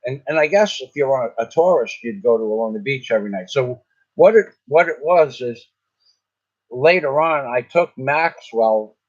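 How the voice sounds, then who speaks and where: A man's voice: medium pitch, lively intonation, normal speed. An older man telling a long story in a casual, rambling way, often repeating himself and restarting his sentences. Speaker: vlogger. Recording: slightly dull lo-fi sound.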